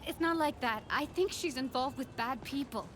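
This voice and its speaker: An actress playing a worried wife asking a hero for help, in a video game. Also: female voice, sits high, normal speed, a little hiss or hum. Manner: anxious, pleading. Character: worried adult woman caller, anxious wife. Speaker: game character. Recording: game audio under loud music.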